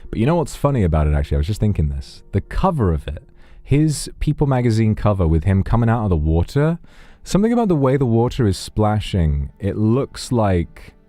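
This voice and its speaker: A man's voice: fairly low pitch, big pitch swings, brisk, warm tone, dry recording, faint music behind. A man chatting casually on a livestream, rambling and wry, often breaking off mid-sentence. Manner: rambling, self-interrupting, wry. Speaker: streamer.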